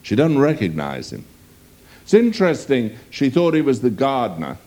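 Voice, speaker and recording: A man preaching a sermon, reading scripture aloud and putting drawn-out rhetorical questions to his listeners. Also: medium pitch, wildly swooping pitch, mellow.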